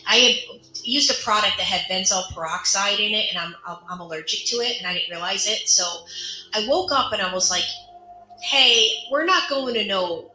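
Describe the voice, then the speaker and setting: A woman's voice: mid-range voice, a little fast, bright, forceful tone, soft background music. Earnest woman telling her own story. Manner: earnest, candid and conversational. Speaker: survivor sharing her story. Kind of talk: personal storytelling monologue. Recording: roomy echo.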